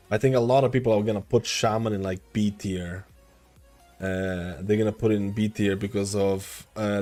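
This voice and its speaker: A man's voice: fairly low pitch, mellow. A young man streaming live, answering viewer questions in a loose, rambling, chatty way. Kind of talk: casual live-stream chat. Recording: faint music behind.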